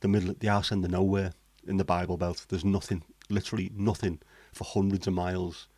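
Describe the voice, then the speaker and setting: A deep-voiced man talks casually on a livestream. His tone is blunt and cynical, full of swearing and banter. The sound is dry and close. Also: little pitch movement, a little fast, warm tone, slightly rough, no room sound. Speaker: livestream host. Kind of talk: casual chat.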